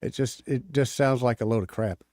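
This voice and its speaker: A man co-hosting talk radio who speaks his mind bluntly and casually. His voice is mid-pitched and dry. The sound is close on a studio mic with no room echo. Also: normal speed, a little mellow. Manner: blunt, opinionated, laughs easily. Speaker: radio co-host. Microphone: studio microphone.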